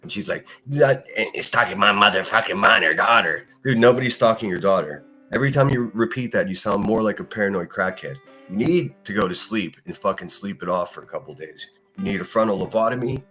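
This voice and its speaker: A man hosting a solo live stream, ranting with heavy profanity and answering chat comments. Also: lowish voice. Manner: profane, heated, combative. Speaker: live-stream podcast host.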